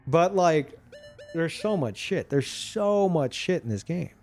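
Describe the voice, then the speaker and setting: A man streamer chatting casually about a video game, animated and profane, laughing often. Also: a little high, slow pace, soft background music.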